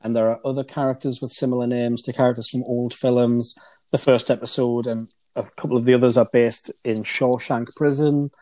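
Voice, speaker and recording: A podcast host chats casually, going off on rambling asides and laughing often. His voice is mid-range and mellow, with no echo.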